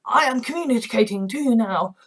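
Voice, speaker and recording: A woman's voice: fairly high pitch, animated, fairly quick, a bit bright, husky, voice pushed up. A woman voicing a male eldritch abomination who rambles awkwardly and apologizes. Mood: rambling.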